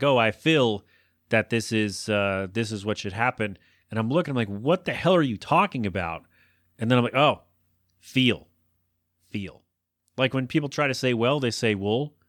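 A man's voice: medium pitch, fairly bright tone, dry recording, studio quality. A man hosting his own podcast, talking alone in a loose, joking, self-deprecating way that wanders off track. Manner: self-deprecating, jokey, meandering. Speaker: podcast host. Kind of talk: casual rambling monologue.

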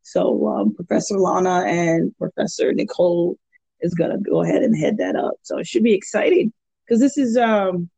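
A woman chats with a gravelly edge and a dark, husky tone. She tells rambling stories, laughing as she goes, in an easy conversational way. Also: medium pitch, moderate pace, dry recording. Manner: rambling storyteller who laughs often. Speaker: guest. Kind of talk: casual chat.

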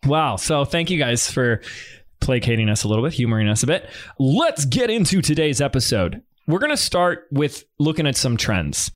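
A man hosting a business podcast in an energetic, quick, casual way. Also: medium pitch. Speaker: podcast host. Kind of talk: casual chat.

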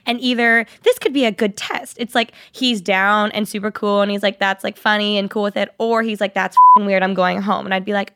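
A young woman co-hosting a podcast, telling a dating story in animated, fast-moving casual chat with quick asides. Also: mid-range voice, no echo, studio quality. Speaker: podcast co-host.

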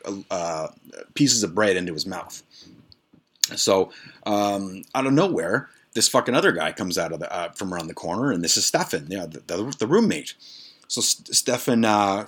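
Deep-voiced, profane storyteller. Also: male voice, a bit bright, breathy edge. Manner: profane, rambling, lots of fillers. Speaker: podcast host. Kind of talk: casual storytelling.

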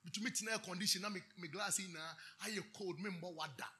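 A man with a Ghanaian English accent preaching a sermon, moving between chanted shouted declarations and quiet storytelling. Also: sits high, fast, slightly rough.

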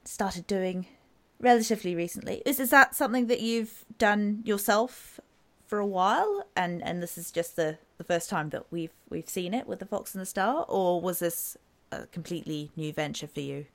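A woman podcast host interviewing a guest, asking halting questions and offering enthusiastic praise. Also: medium pitch, expressive. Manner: halting, restarts sentences, enthusiastic.

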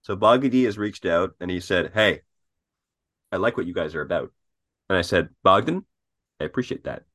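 Deep-voiced blunt joking man. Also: brisk, fairly bright tone. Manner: blunt, joking, swears casually. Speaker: tennis coach, podcast co-host. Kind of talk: casual chat.

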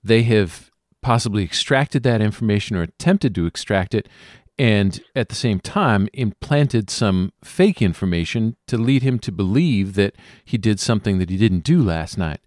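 A man as a player in a tabletop game, explaining in a measured way. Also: lowish voice, animated, a little mellow, no echo, studio quality. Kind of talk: tabletop role-play.

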